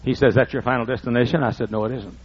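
A man's voice: mid-range voice, fairly even intonation, rapid-fire, slight background noise. An older man preaching a folksy storytelling sermon. He acts out the dialogue in raised voices. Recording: muffled lo-fi recording.

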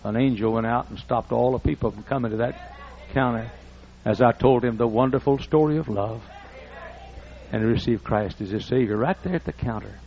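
A man's voice: medium pitch, brisk, vocal fry, darkish tone. An older man preaching a folksy storytelling sermon. He acts out the dialogue in raised voices. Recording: muffled lo-fi recording.

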